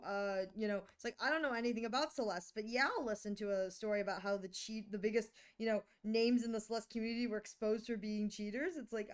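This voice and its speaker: Bubbly streamer woman, smooth voice. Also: medium pitch. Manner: bubbly, playful, reads chat aloud. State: sick. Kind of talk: casual chat with stream chat.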